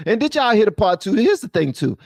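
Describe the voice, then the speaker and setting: A man hosting a live stream, giving casual commentary in an animated voice that swings between loud ranting and low muttering. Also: fairly quick, creaky, no echo, studio quality.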